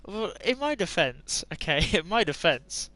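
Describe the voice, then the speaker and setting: A man's voice: high-pitched, sing-song, a little slow, pushed and bright, no echo. A young man from Ireland with an English accent, giving rambling, self-mocking commentary while streaming a game. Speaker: gaming streamer. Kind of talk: casual gameplay commentary.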